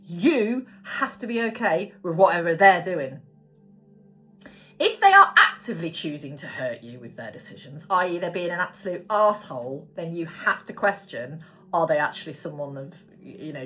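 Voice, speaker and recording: A woman's voice: on the low side, a bit bright, rough recording. A woman spiritual coach talking frankly and emphatically to camera, swearing freely. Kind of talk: casual monologue to camera.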